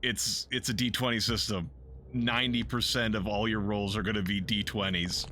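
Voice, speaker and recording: A man's voice: lowish voice, flat delivery, normal speed, sharp tone, a little hiss or hum. A man chatting casually while streaming a game, rambling and cursing, answering chat and poking fun at himself. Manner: rambling, profane, self-deprecating, reads and answers chat.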